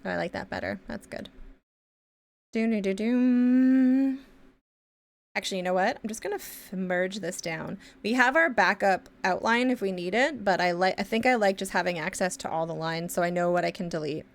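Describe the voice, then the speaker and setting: A woman's voice: mid-range voice, fairly quick, creaky, few pauses, a bit bright. A young woman streaming her pixel art, chatting in a rambly way, swearing casually and humming to herself as she draws. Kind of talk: casual chat while drawing pixel art.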